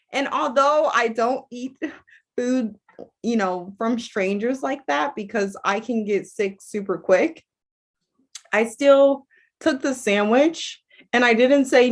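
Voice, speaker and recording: A woman's voice: fairly high pitch, unhurried. A woman coach talking casually to viewers in a rambling, chatty way, full of fillers and restarts. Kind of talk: casual livestream talk.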